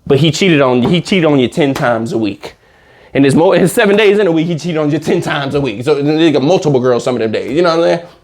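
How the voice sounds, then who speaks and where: A man ranting in a comedic reaction commentary, animated, slangy and profane. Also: on the high side, fast.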